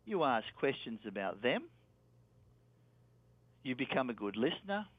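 An Australian man, a sales trainer, calmly walking through a sales method as a guest. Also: medium pitch, a little slow, breathy edge, no echo. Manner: steady, instructive, with fillers. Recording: dry, tinny phone line.

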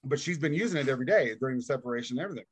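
A man's voice: mid-range voice, animated, very fast, breathy edge, no echo. A man telling a long personal story as a podcast guest, acting out the voices of the people in it and laughing often. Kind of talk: casual storytelling interview.

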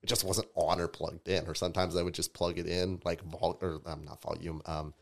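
A man with a very low voice from Tampa tells stories as a podcast guest. His telling is animated, and his voice shoots up when he acts out what other people said. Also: a little fast, creaky. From Tampa, Florida. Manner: animated storyteller, voices rise sharply in quoted outbursts. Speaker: podcast guest, DJ and music producer. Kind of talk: casual storytelling chat.

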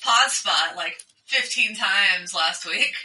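A woman co-hosting a podcast in casual chat, laughing often and talking in an animated way. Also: mid-range voice, slow pace, reverberant, recorded from a distance, poor audio. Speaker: podcast co-host.

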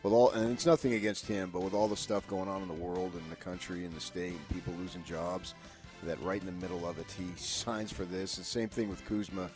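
A man's voice: low voice, steady tone, fairly quick, over music. A man co-hosting a sports talk show, opinionated and rambling as he gives his takes. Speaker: sports radio co-host.

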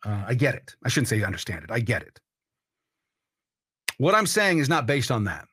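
A man's voice: mid-range voice, big pitch swings, moderate pace, sharp tone, slightly rough. A man hosting a political commentary show, ranting in a heated, blunt and profane way. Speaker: host.

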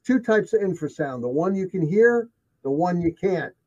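Lively intonation and a high, warm voice mark this guest as he tells his encounter stories at a moderate pace. He speaks casually yet emphatically, repeating himself for effect, in a dull lo-fi recording.

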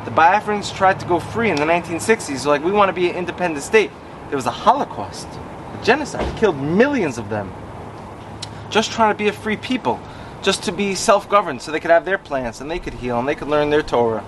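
A rabbi, telling stories in an animated way and acting out quoted voices, talking on a city stoop. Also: male voice, fairly high pitch, a little fast, background noise. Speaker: rabbi guest on a podcast. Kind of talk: casual storytelling conversation.

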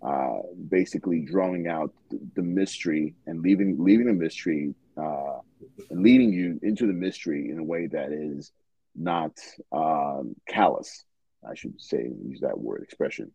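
A man hosting a podcast, recommending a book in a halting way with many pauses. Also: extremely low pitch, vocal fry, warm tone, husky, dry recording, dull audio. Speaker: podcast host.

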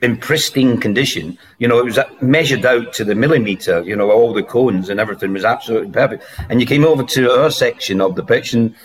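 A former footballer, a man, guest on a podcast, telling anecdotes in a lively way and laughing through his stories. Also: medium pitch, fast, hardly any pauses. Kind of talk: anecdotal storytelling.

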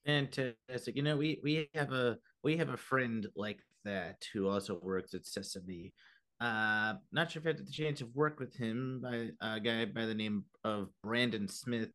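Brief: male podcast host, mid-pitched, easygoing interviewer, quick affirmations. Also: a bit bright. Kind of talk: casual interview chat.

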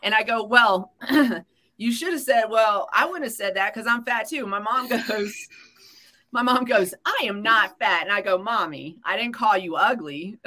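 A woman co-hosting a podcast, telling a story in casual chat, animated and laughing often, acting out the voices she quotes. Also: on the high side, measured pace. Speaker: podcast co-host.

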